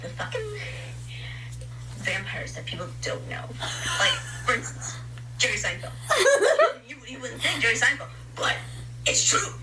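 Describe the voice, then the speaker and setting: A woman's voice: sits high, wildly swooping pitch, a little slow, pauses often, very noisy, full character voice. A woman playing a sassy, fed-up male vampire clerk, swearing and giggling through an improvised comedy story. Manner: giggly, swearing retelling, breaking into laughs. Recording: group laughter behind.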